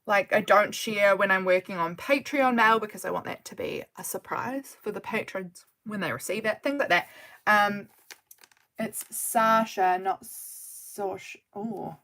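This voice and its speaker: A woman's voice: mid-range voice, normal speed, sharp tone. A woman hosting a casual craft livestream from her desk at home, chatting in a rambling way and often laughing as she works. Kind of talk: casual live chat while crafting.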